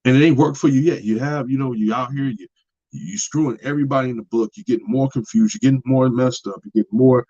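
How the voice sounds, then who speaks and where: A man's voice: medium pitch, fast talker, mellow, lo-fi sound. A man talking in a casual monologue about relationships, plain-spoken and preachy, repeating his points. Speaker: podcast host.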